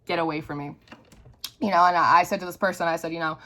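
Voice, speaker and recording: A young woman talking casually to her viewers as a tarot reader, animated and blunt, swearing often and dropping lots of "like" fillers. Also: on the low side, quick pace. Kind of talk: casual spiritual talk to camera.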